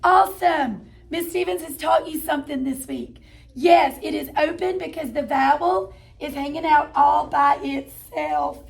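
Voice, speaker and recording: A woman's voice: sits high, steady tone, gravelly. A woman teacher leading a phonics lesson in a classroom, calling out each step to the children in an encouraging way. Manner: slow, encouraging, calls out steps to children.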